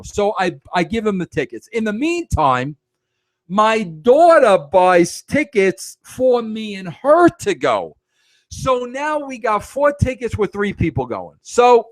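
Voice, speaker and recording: A middle-aged man hosting a podcast, telling a story in an animated, self-mocking way with stammering restarts. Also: high voice, no room sound. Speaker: podcast host. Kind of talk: casual storytelling monologue.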